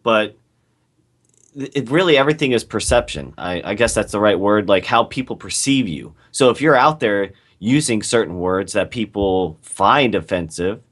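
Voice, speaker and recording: A man's voice: lowish voice, lively intonation, moderate pace, a bit bright. A man co-hosting a casual podcast over an online call, talking in a laid-back, hesitant way with lots of fillers. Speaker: podcast co-host. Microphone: call microphone.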